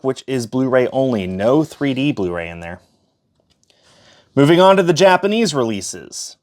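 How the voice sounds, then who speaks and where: A man giving a casual, chatty tour of his disc collection, with fillers and self-corrections as he goes. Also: mid-range voice. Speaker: collector showing his shelf.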